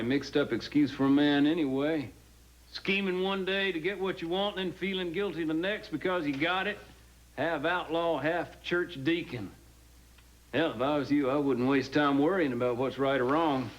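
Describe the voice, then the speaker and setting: An actor playing a boastful, folksy alter ego with a Southern US accent in a soap opera. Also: male voice, on the high side, fairly bright tone, dull audio. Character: brash crude Southern alter ego, grown man.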